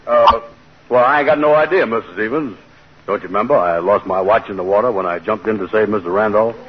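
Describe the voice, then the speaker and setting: A man playing a slow-witted, good-natured sidekick in a 1940s radio sitcom, with a dim deadpan drawl. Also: fairly low pitch, husky, muffled recording. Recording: very hissy old radio recording.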